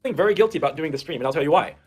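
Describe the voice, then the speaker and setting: A man talking on his own live stream, hesitant and halting, pausing to check chat. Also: a little high, lively intonation, slightly rough. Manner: hesitant, halting, full of pauses. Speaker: live streamer in a played clip. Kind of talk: casual solo live stream.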